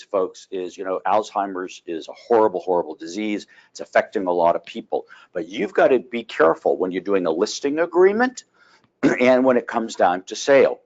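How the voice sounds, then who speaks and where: A man teaching a continuing education class on real estate law, telling folksy stories and clearing his throat often. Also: lowish voice, lo-fi sound.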